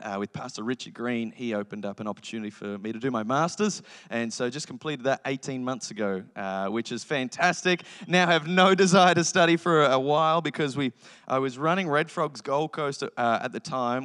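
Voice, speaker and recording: A man in his thirties preaching a sermon as pastor, telling joking family stories with lively impressions. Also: mid-range voice, smooth, in a large hall. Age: 30s. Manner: energetic, joking storytelling with animated impressions.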